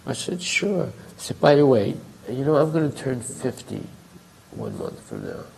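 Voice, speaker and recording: Husky, gravelly male speaker for a temple class, casual storyteller who voices the dialogue himself. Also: mid-range voice, huge pitch swings, unhurried, a little mellow, rough recording. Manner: conversational, acts out quoted dialogue.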